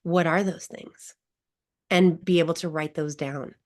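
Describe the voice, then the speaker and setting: A woman's voice: low-pitched, steady tone, measured pace, a little mellow. A woman guest coach who tells a personal story in an online wellness class, emotional and laughing often. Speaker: grief recovery guest coach.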